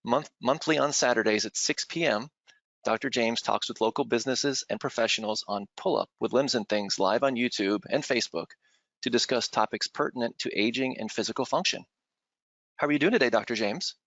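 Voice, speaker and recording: Male host, quick formal reading, dry dull lo-fi sound. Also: medium pitch, a bit bright, dry recording. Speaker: webinar host. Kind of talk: scripted introduction. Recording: dry dull lo-fi webinar audio.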